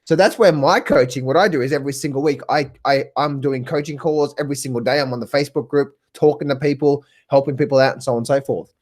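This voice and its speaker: An Australian man hosting a live stream as a trading coach. He is eager and repeats himself a lot, laughing and breaking off to answer viewers by name. His voice sits at an ordinary middle pitch for a man. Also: quick pace, hardly any pauses. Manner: excitable, repetitive, laughs often, chats with viewers by name.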